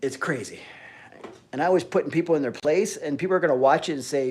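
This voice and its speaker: A man on a fitness livestream, ranting about discipline and swearing freely, swinging between loud emphasis and low-key talk. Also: fast. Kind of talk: ranting motivational live chat.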